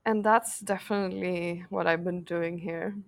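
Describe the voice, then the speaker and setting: A woman's voice: lowish voice, steady tone, normal speed, vocal fry. A woman from Sweden, a podcast guest, telling stories in casual conversation, acting out quoted dialogue and swearing freely. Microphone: video call.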